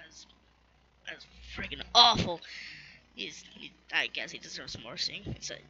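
Giggly rambly streamer playing a game, super bright sharp voice, kinda muffled lo-fi mic. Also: mid-range voice, expressive, a little slow, long pauses. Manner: rambling, giggly, self-interrupting. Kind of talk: gameplay commentary with in-game dialogue read aloud. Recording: dull lo-fi recording, faint hiss.

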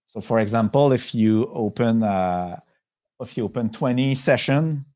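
A man with a French accent, a software company executive giving a webinar presentation, talking in a halting way with many pauses and restarts over a video call. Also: mid-range voice.

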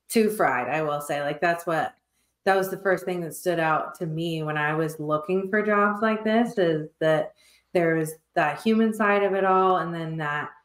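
A woman co-host talks in a casual, reflective way. Her voice sits very low for a woman. The sound is echoey, like a bare room. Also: unhurried. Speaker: podcast co-host. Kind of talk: casual chat.

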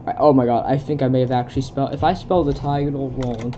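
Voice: mid-range voice, steady tone, quick pace, mellow, lo-fi sound, a little hiss or hum. A young adult casually reading a film script aloud, stumbling over words and stopping to comment in confusion. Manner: reads stage directions aloud, stumbles, breaks off to comment in bewilderment. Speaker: video creator.

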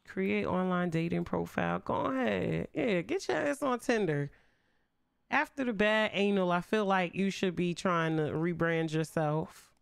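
A woman's voice: mid-range voice, vocal fry, no room sound. A young woman streaming a life-simulation game, chatting in slang and talking to her characters as she plays. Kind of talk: casual game commentary.

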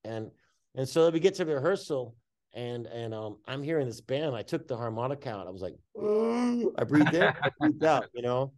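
Animated slangy man telling a story. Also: medium pitch, fairly quick. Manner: animated, slangy, swears freely. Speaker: guest artist. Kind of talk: casual storytelling.

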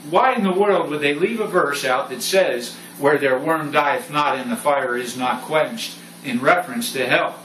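A man teaching a Bible study with a bright, forceful voice that rises when he gets going. He is caught from across a roomy space, with a faint hiss underneath. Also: fairly high pitch, moderate pace, hardly any pauses. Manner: animated storytelling, reads scripture aloud. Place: room with a small study group. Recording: roomy sound from a distant mic with faint noise.

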